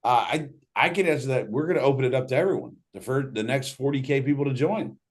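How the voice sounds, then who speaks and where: A man's voice: medium pitch, expressive, fast. Joking man reading out viewer questions. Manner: loose, joking, reads questions aloud. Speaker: host reading audience questions. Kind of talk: casual livestream Q&A.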